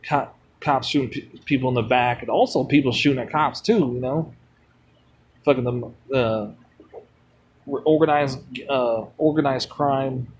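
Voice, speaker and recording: Streaming a mobile game, a man rambles bluntly between chat replies and swears freely. His medium-pitched voice is husky, and he speaks at a measured pace.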